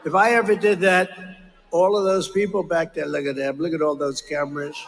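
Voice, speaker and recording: A man's voice: on the high side, little pitch movement, brisk, vocal fry, a loud crowd, heavy background noise. An older man giving a rambling, repetitive, emphatic speech at a large campaign rally. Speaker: political rally speaker. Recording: long reverb of a rally hall.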